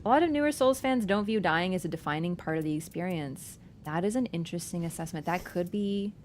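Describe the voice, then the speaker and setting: A young woman game streamer chatting casually with her viewers, telling stories in an animated, excitable way and swearing freely. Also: fairly quick, slight background noise. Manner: animated, excitable storytelling with sudden high squeals. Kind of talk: casual livestream chat. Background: background game music.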